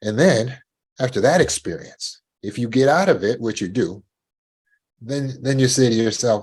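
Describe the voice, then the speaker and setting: A trauma recovery coach teaches listeners about panic in a medium-pitched, expressive voice at normal speed, with a darkish tone and breathy edge. He acts out anxious inner voices in a rising tone and repeats words when he restarts.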